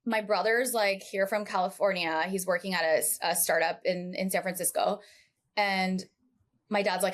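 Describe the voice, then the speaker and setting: Brief: woman guest in a casual interview, animated storyteller with lots of asides, mid pitch. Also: brisk. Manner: animated, chatty, full of asides. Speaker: podcast guest, entrepreneur.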